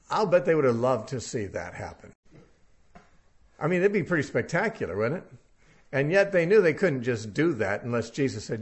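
A man's voice: medium pitch, big pitch swings, moderate pace. Conversational male Bible teacher. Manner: conversational, thinking aloud with frequent fillers.

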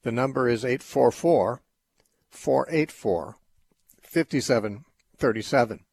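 A middle-aged man hosting a call-in radio show, explaining Bible passages in a measured way with occasional restarts. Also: mid-range voice, creaky, darkish tone, slightly rough. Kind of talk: call-in radio talk, teaching.

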